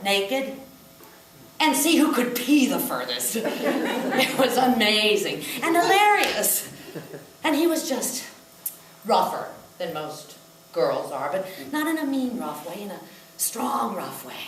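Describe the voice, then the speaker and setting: A woman performing a solo comic show on stage, telling wry, expressive stories about her brother. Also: mid-range voice, a little hiss or hum. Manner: wry, expressive storytelling, breaking into song. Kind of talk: live comic storytelling with song. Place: small theatre stage. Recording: roomy live theatre recording from a distance. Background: audience laughter.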